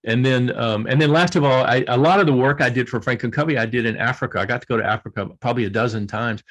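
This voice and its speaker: A man's voice: medium pitch, fast talker, fairly bright tone, poor audio. A man speaking as an interview guest, earnest and emotional, repeating his key points. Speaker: guest author. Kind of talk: heartfelt interview answers.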